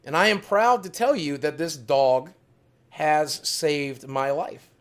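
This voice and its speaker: A man's voice: fairly high pitch, slow pace. A man hosting a livestream from his studio, talking in an earnest, heartfelt, confessional way with emphatic repetition. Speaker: livestream host.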